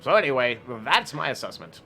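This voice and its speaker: A man's voice: medium pitch, big pitch swings, a little fast, pushed and bright, faint music behind. A man playing his character in a tabletop game, rambling with many fillers and frequent laughs. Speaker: player. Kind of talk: in-character tabletop role-play.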